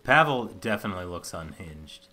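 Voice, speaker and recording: A man's voice: low-pitched, sing-song, normal speed, pushed and bright, faint music behind. A man hosting a gaming channel, giving wry joking commentary while he plays. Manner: wry, joking asides while reading game dialogue. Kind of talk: let's play commentary.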